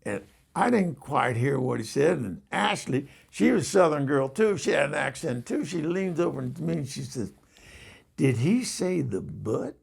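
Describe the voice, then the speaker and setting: Chuckling man telling a story, gravelly. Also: fairly high pitch, expressive, moderate pace, hardly any pauses. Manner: laughs often through the telling. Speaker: show host. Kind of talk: casual comic storytelling.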